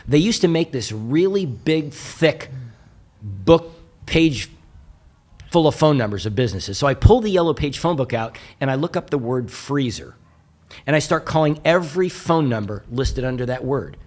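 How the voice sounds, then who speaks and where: A man's voice: mid-range voice, moderate pace. An American man, a motivational speaker, telling a story with jokes and frequent asides to the audience. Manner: animated, jokey, with asides to the audience. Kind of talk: humorous storytelling talk.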